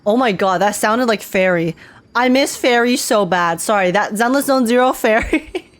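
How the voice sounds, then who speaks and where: A young woman streaming her reaction to a game, excitable and quick, theorizing aloud in casual chat. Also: a little high.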